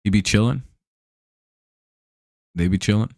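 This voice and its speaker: A man's voice: lowish voice, a little slow, vocal fry, darkish tone, no echo. A man hosting a live stream, chatting casually over a baseball game, laid-back and joking, with casual swearing.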